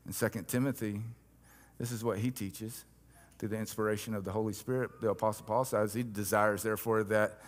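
Preaching with a steady tone and a fairly low pitch, this male pastor moves briskly through his sermon. Soft, restrained passages give way to booming, forceful swells, and he chants certain phrases in a rhythmic, repeated pattern.

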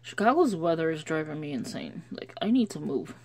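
Casual woman vlogger, low-pitched, mellow, chatty and meandering. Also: big pitch swings, fairly quick. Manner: chatty, rambling, with restarts. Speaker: scripture-writing vlogger. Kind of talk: casual devotional vlog. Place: lives in Chicago.

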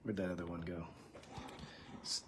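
A man telling his side of a story about his ex-wife in a halting way, with fillers and restarts. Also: low voice, little pitch movement, a bit bright, a little hiss or hum. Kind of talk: recorded personal story.

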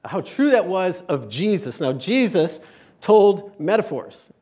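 A man in his late forties from Michigan gives a storytelling inspirational talk at a church gathering. His fairly high voice swings widely as he jokes and builds to loud, emphatic peaks. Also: very animated, slow pace. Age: 40s. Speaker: speaker at a church conference. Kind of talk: inspirational talk to a live audience.

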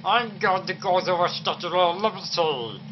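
A man's voice: high voice, expressive, moderate pace. A rowdy drunk young man, played by a man doing a voice over a video game. He slurs and rambles, swearing as he goes. The recording is dull and lo-fi with a faint hiss behind it. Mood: drunken rambling. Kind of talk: game voice-over role-play. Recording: muffled lo-fi with faint noise.

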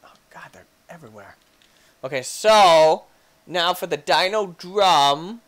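A man hosting a gaming channel, giving excitable Let's Play commentary and cooing baby talk at his pets. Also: high-pitched, takes it slowly.

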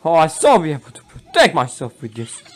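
A man doing a shrill excitable orange hero. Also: brisk, faint music behind. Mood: boastful. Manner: shrill, triumphant yelling. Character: excitable orange hero, young male, boastful.

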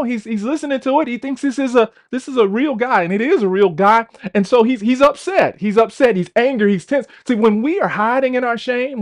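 A man preaching a sermon to an online congregation. He talks conversationally, repeats words as he builds his points, and calls out to listeners for responses. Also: sits high. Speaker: pastor.

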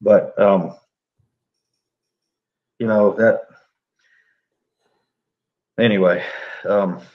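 A man, a police officer, recounting a standoff in a plainspoken, halting, reflective way. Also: on the low side, fairly even intonation. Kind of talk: interview storytelling. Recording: dull lo-fi audio.

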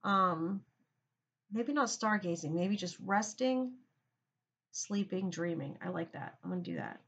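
A woman's voice: on the low side, sing-song, measured pace, fairly bright tone, husky. A woman teacher giving a recorded grammar lesson, thinking aloud and talking straight to her students.

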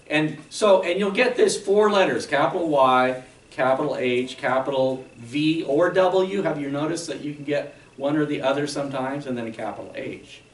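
Man, pastor, sermon, slightly high voice, a bit far from the mic. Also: roomy sound. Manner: explanatory teaching, frequent "okay?" check-ins. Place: church sanctuary.

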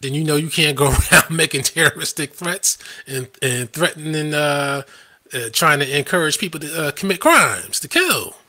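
A man with a husky, bright and edgy voice, pitched a little high for a man. He hosts a live stream, where he rants in a combative, scoffing way and often laughs at his own points. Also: animated, normal speed. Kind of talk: ranting live-stream commentary.

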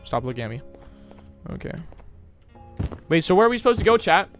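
A young man streaming a horror game live, chatting with his viewers and yelling whenever he gets scared. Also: high voice, very animated, brisk, soft background music. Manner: loud, jumpy, yelling at scares, chatting to chat.

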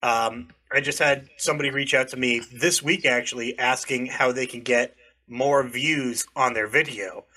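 A man talks casually as a podcast guest, joking and swearing freely, and his sentences often fade to a mutter. His voice is bright with a slightly husky edge. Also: mid-range voice, steady tone, moderate pace. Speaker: podcast guest, content creator. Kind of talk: casual chat.

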